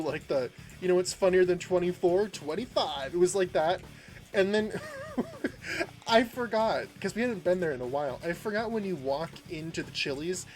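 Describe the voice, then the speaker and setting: A game streamer chatting casually and rambling through a story, laughing often and greeting viewers by name. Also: medium pitch. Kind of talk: casual livestream chat while gaming.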